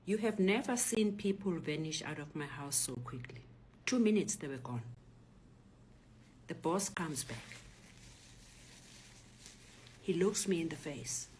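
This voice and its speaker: A middle-aged woman with a South African accent gives personal testimony, speaking in a hushed, often near-whispered way and restarting her words as she goes. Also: low-pitched, animated, unhurried, long pauses, slight background noise. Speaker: interviewee recounting a robbery.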